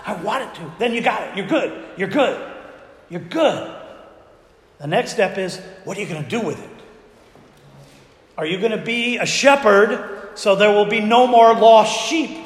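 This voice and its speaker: High-voiced preacher in an echoey hall. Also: male voice, normal speed. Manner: conversational, asks the congregation frequent rhetorical questions. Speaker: pastor. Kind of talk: sermon. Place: church sanctuary. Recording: echoey church hall with long reverb.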